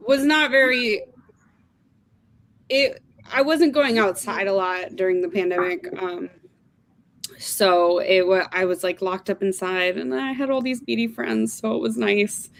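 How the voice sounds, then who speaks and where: A woman chatting on a video call, telling a story in a chatty, giggly way. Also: mid-range voice. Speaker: guest. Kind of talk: casual video chat.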